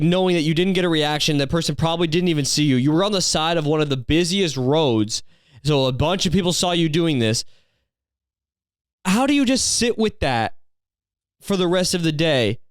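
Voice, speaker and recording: A man's voice: fairly high pitch, clear, resonant tone, dry recording. A man hosting a solo podcast, rambling through a story in a profane, incredulous way on a close mic. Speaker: podcast host.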